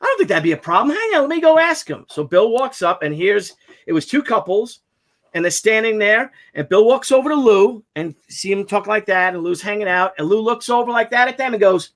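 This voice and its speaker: A man's voice: high-pitched, a little fast. A man telling a long anecdote in casual chat, rambling and restarting, swearing freely, on a video call. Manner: rambling, animated storyteller with many restarts. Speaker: podcast co-host.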